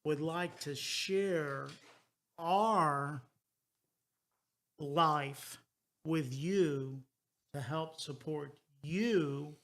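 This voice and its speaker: A man in his early sixties hosting a talk radio show, earnest and halting, repeating words as he goes. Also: on the high side, fairly bright tone. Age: 60s. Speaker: radio host. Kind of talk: casual talk radio chat.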